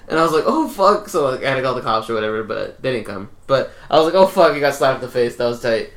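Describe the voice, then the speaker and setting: A man's voice: mid-range voice, lively intonation, rapid-fire, a bit bright. A young man in casual chat, telling a work story with lots of swearing, laughter and voices for the people in it. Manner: laughs often, swears, mimics people in stories. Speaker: podcast co-host.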